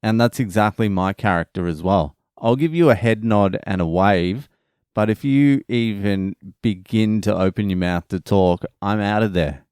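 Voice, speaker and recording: A man's voice: sits low, a little mellow, clean tone, dry recording. A young Australian man hosting a podcast, rambling and swearing in a casual solo monologue, sounding sleepy and dryly funny. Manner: sweary and rambling, dry humour. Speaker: podcast host.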